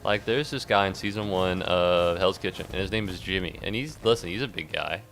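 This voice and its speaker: A man giving rambling, jokey commentary while streaming a game, breaking into squeaky outbursts. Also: fairly quick, fairly bright tone, slight background noise. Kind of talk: casual gaming commentary.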